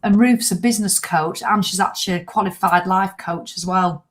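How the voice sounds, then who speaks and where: A woman's voice: lowish voice, normal speed. Blunt, chatty woman. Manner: chatty, blunt and swearing, with animated retelling. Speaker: fitness vlogger. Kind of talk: casual chat to viewers.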